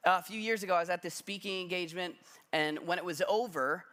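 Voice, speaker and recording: A man in his thirties preaching a sermon in a church, talking in a relaxed storytelling way with self-deprecating humor. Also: sits high, fast talker. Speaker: pastor. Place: church sanctuary.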